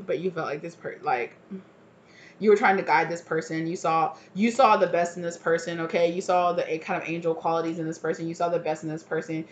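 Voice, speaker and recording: Chatty, emphatic woman with a lowish voice. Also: highs cut off, slight background noise. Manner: chatty, emphatic, slangy, laughs often. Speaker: tarot reader. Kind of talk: casual tarot reading to camera.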